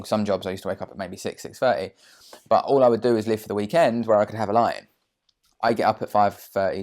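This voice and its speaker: A man's voice: fairly low pitch, a little mellow. A man giving a casual motivational talk to camera from his sofa at home, chatty and blunt, with slang and frequent fillers. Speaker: trader vlogger.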